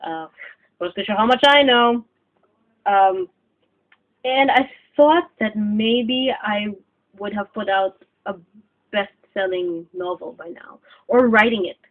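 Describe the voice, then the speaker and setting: A woman's voice: on the high side, animated, takes it slowly, long pauses. A woman, chatting casually and rambling with lots of fillers in a vlog. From Philippines. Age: 20s. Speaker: vlogger. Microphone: cell phone camera. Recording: tinny phone-like lo-fi audio.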